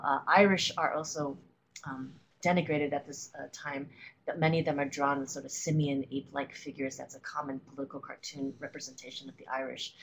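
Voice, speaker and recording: A woman presenting a webinar lecture, explaining images at an unhurried pace with frequent ums and uhs. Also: low-pitched, slight background noise, rough recording. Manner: hesitant, many ums and uhs. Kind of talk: lecture on political cartoons.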